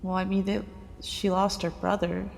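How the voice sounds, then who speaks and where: A woman's voice: mid-range voice, level tone, moderate pace, creaky, a little mellow. A woman player in a tabletop game who talks casually and thinks aloud.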